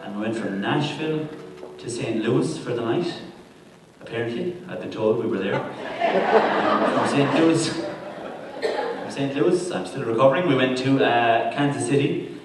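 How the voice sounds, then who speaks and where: A man's voice: mid-range voice, animated, moderate pace, noisy background. Breathless man doing stage banter. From Ireland. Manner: chatty, self-mocking, laughing. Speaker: touring band member. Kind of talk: stage banter between songs. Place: live music venue. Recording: echoey live room from far off, loud music.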